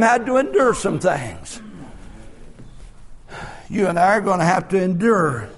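Guy preaching loud w/ a really high voice, lots of uh's, then goes quiet and low. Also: very animated. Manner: shouted preaching with drawn-out "uh" fillers, dropping to soft low asides. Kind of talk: sermon.

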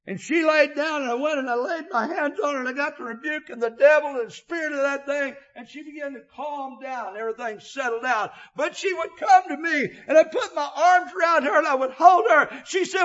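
An older man preaches an emotional sermon at a moderate pace, often shouting and dropping an "uh" between phrases. His voice is extremely high-pitched, and the audio sounds dull.

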